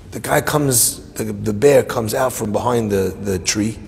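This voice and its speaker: A man, a rabbi, telling a long joke in a sermon, animated and laughing along with his own story. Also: lowish voice, moderate pace, gravelly, few pauses, a little hiss or hum. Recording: long hall reverb.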